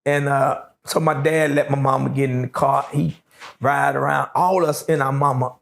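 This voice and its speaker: A middle-aged man with a gravelly, fry-laden voice settles into a long story for an interviewer. He drawls through it at an easy pace, full of "uh"s and "you know what I'm saying". His pitch sits right in the middle for a man. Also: fairly even intonation, a bit bright. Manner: slow, drawling storytelling with many fillers. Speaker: interview guest.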